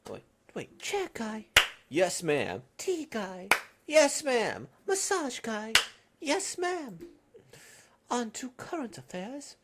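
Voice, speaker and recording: A woman's voice: on the high side, wildly swooping pitch, slow, heavy background noise, heavily acted. A woman voicing a haughty young girl who runs a clan and commands her men coolly. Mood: bossy. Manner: bossy and cool.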